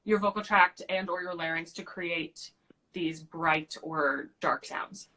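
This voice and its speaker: A woman's voice: lowish voice, takes it slowly, sharp tone, poor audio. A young woman co-hosting a singing lesson, prompting with friendly questions. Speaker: voice coach co-host. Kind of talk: casual interview questions.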